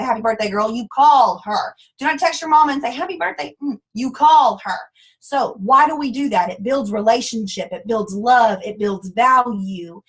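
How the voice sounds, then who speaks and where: High-voiced, fired-up woman. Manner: energetic, preachy, animated. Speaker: network marketing team leader. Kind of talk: motivational training talk.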